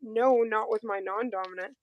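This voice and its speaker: A woman co-hosting a casual chat, talking in an animated, playful way. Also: on the high side, moderate pace, dry recording, dull audio. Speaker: co-host.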